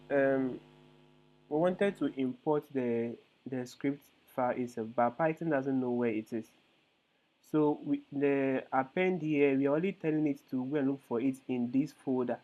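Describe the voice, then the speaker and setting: Speaking at a measured pace with a medium pitch, a man teaches code step by step during a live online lesson, hesitating and using lots of fillers. The call audio sounds tinny, almost like a phone.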